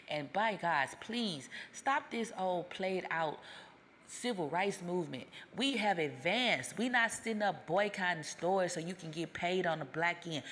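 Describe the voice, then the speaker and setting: A woman's voice: lowish voice, a bit bright, a little hiss or hum. An American woman delivering a confrontational, emphatic, profane monologue straight to her viewers. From United States. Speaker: vlogger. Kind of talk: ranting monologue. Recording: long reverb.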